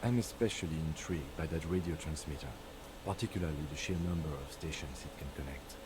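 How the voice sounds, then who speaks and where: A calm, formal police lieutenant. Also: male voice, sits low. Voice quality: measured, dry and formal. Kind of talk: video game voice acting. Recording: game audio with clear background noise.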